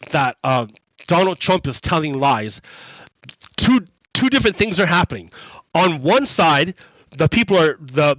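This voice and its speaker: Man, gaming host, casual commentary, repetitive halting explanation, slightly high voice, dry close sound. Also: fairly bright tone, no room sound, poor audio. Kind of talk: casual commentary over gameplay.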